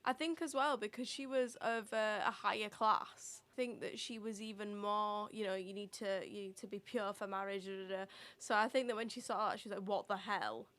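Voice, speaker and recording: A woman's voice: medium pitch, fairly even intonation, a little fast, hardly any pauses, fairly bright tone. A young woman co-hosting a podcast, talking casually with lots of fillers. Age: young adult. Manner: chatty, filler-heavy, laughs easily. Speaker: podcast co-host.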